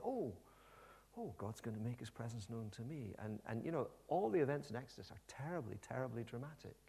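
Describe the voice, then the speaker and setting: A man's voice: fairly low pitch, gravelly. Role: conversational male preacher. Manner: conversational, animated storytelling with restarts and asides. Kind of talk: sermon.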